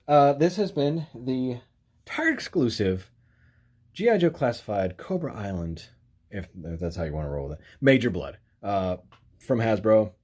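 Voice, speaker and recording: His voice sits on the low side and is a little mellow as he casually reviews action figures for his channel. The toy vlog is rambling and filler-heavy, packed with "you know," and he chuckles occasionally while handling the figures.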